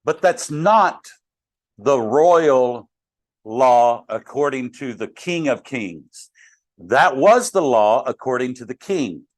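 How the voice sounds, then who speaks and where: A middle-aged man leads a Bible study in an easygoing, unhurried way. He quizzes his class and jokes with them as he goes. His voice is close and dry. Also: medium pitch, lively intonation, dry recording. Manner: conversational, questions the class, jokes. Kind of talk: interactive Bible study teaching.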